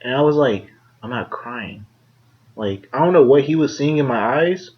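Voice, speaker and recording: A young man co-hosting a casual podcast, telling a school story in a chatty, animated way with lots of "like" and acted-out quotes. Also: normal speed. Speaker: podcast co-host. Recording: dull low-quality audio.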